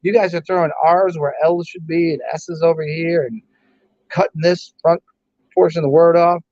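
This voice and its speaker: Casual American guy hosting a chat stream, cursing and joking, a touch high-pitched, dull dry recording. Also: steady tone, moderate pace, darkish tone, no echo. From United States. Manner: profane, joking, rambling with many restarts. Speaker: livestream host reading chat. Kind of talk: casual rambling livestream chat.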